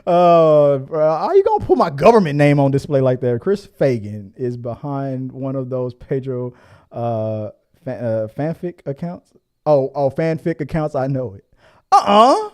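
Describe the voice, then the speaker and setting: A middle-aged man hosting a casual commentary show, laughing often and jumping into high mock voices. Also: lively intonation, moderate pace, darkish tone. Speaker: host.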